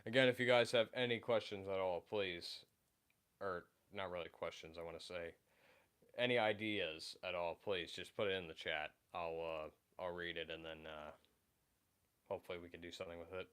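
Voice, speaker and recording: Young male streamer, deep, clean voice, loose rambling chat. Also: steady tone, normal speed, fairly bright tone, clean tone. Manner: rambling, many fillers and restarts. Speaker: livestream host. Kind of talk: casual livestream chat.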